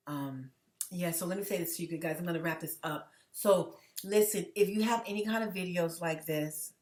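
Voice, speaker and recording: A woman host from the United States talks straight to her viewers in an earnest, emotional way, often stopping and restarting her sentences. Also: low-pitched. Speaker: channel host. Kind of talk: direct-to-camera commentary vlog. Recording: echoey room.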